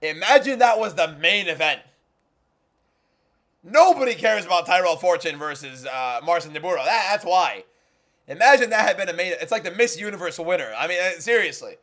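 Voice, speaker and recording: High-voiced man ranting in disbelief. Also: lively intonation, a little fast. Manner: incredulous, repetitive exclamations, swings from muttering to shouting. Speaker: watchalong host. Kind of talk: live fight watchalong commentary.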